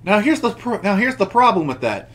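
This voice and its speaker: A man's voice: high voice, sing-song, brisk, a bit bright. A young man chatting casually on a podcast, recapping a wrestling show with lots of restarts and laughter. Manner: rambling, many restarts, laughs while telling. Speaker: podcast co-host.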